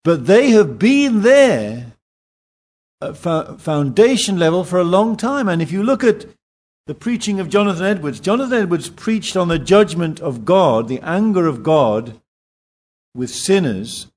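Slow, animated male preacher. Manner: slow, emphatic preaching with lively pitch swings. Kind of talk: sermon.

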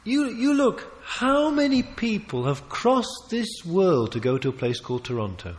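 A man preaches with a fairly high voice that rises and falls dramatically, emphatic and full of restarts and quick asides. His voice rings with the long reverb of a big hall. He sounds like a preacher working a congregation. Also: sing-song. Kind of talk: sermon.

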